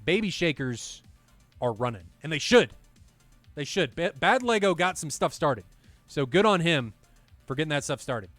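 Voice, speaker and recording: A man giving excitable play-by-play commentary on a flight combat match, talking straight to the viewers. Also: on the high side, normal speed, long pauses, dry recording, faint music behind. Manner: excitable, talks to the viewers directly. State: out of breath at times. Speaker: esports commentator.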